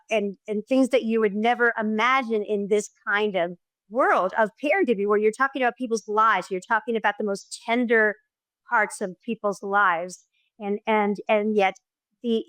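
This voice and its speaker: A woman's voice: medium pitch, clear, resonant tone, dry recording, rough recording. A middle-aged woman, a filmmaker guest in an interview, telling stories with lots of restarts and acted-out quotes. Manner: animated storyteller who acts out quotes, frequent restarts. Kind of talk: conversational interview.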